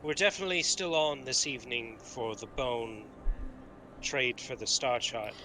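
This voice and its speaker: Bright-voiced man playing a tabletop game. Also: mid-range voice, normal speed, faint music behind. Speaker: player. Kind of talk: casual tabletop role-play.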